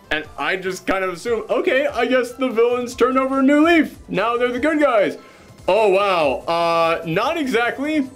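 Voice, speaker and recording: A man reviewing comics in a loose, conversational way. His voice sits slightly high, and he recaps with animated disbelief. Faint music runs in the background. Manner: animated, incredulous storyteller. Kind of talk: casual commentary.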